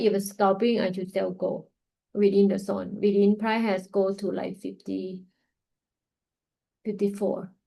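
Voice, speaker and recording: A woman hosts a live trading webinar and talks through the charts as she watches them. She sounds tired and yawns through it, with lots of fillers and loose grammar in her English. Her voice sits at a middle pitch. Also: gravelly, warm tone, rough recording. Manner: casual, thinking aloud while watching charts. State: tired, yawning. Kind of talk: live market analysis.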